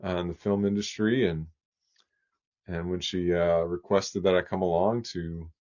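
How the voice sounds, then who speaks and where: A man voicing a humble, shy male stuntman who speaks haltingly, full of "uh" and "you know", on dull lo-fi audio. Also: low voice, fairly even intonation, darkish tone, lightly acted. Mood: earnest.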